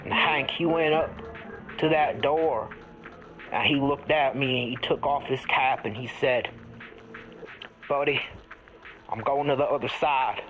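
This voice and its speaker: A man playing an eccentric, folksy ghost hunter who tells rambling stories with deadpan earnestness in an improvised comedy interview. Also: medium pitch, a little slow, pauses often, muffled recording, soft background music, lightly acted. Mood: mournful.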